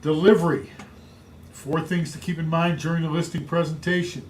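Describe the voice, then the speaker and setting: A man with a somewhat high voice coaches real estate agents in an emphatic, driving way. He repeats key phrases to hammer them home, speaking straight to his listeners as their trainer. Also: steady tone, moderate pace, a little hiss or hum.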